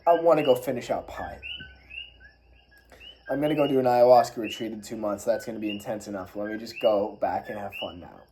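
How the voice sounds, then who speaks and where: A young man telling a casual, animated travel story, full of swearing and spiritual talk. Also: fairly low pitch, fairly quick, a little hiss or hum, low-quality recording. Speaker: travel vlogger.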